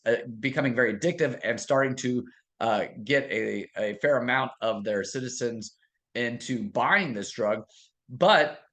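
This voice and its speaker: Male history teacher, medium-pitched voice, relaxed, chatty lecture over slides. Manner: conversational, asks and answers own questions. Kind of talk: casual classroom lecture.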